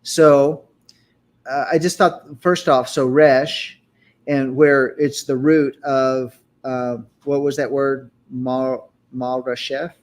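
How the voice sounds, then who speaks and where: A man leading a group Torah study discussion, explaining scripture and sounding out Hebrew words in a measured, teaching manner. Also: medium pitch, steady tone.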